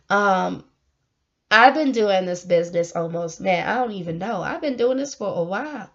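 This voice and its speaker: A woman's voice: medium pitch, lively intonation, normal speed. A woman talking to the camera in a casual, emotional monologue, earnest and preachy, often breaking into laughs. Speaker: vlogger giving life advice. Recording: dull lo-fi sound.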